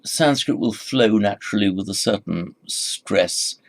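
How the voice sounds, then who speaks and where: Low gravelly man lecturing, halting and repetitive, restarts his phrases. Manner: halting, repeats words, many fillers. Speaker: Sanskrit teacher. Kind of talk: recorded lecture.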